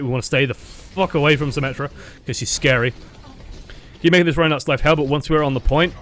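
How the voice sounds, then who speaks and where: A young man talks through a replay of his match at a rapid clip, in a voice that sits in an ordinary middle register. He keeps it loose and unscripted, dropping curse words and poking fun at himself between calls. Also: mid-range voice, a bit bright. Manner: fast, casual, swears freely, self-mocking asides. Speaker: game coach. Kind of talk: gameplay review commentary.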